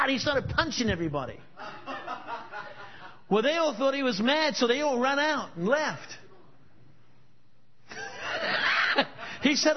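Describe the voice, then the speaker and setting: High-voiced male preacher, storytelling sermon style, muffled lo-fi sound. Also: big pitch swings, a little slow, pauses often. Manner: storytelling, emphatic rhetorical questions. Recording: dull lo-fi recording.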